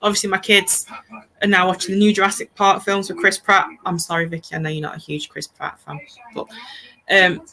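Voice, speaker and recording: Woman host, thirties, bright and punchy, rambling chatty storyteller who laughs a lot. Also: medium pitch, little pitch movement, a little fast, poor audio. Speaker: podcast host. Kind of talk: casual chat.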